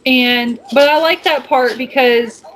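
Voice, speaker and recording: High-voiced woman with faint hiss. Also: low-quality recording. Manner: retelling scenes with quick asides, laughs easily. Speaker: podcast co-host. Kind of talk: casual chat.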